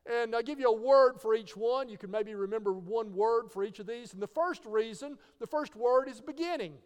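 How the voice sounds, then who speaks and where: High, smooth-voiced man teaching with rhetorical questions. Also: moderate pace. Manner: rhetorical questions, spells out key words. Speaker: Christian teacher. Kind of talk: apologetics teaching talk. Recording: long reverb.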